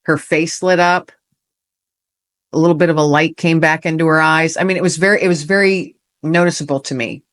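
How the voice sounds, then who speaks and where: A woman's voice: sits low, steady tone, a little fast. Earnest woman telling a heartfelt story. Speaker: podcast guest, author and veteran. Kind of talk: storytelling in a podcast interview.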